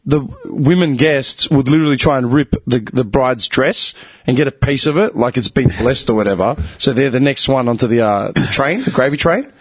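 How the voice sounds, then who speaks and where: A man's voice: mid-range voice, normal speed, no echo. A man hosting a casual podcast chat, telling rambling stories full of "dude" and "man". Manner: rambling storyteller, swearing, lots of "dude" and "man". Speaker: podcast host.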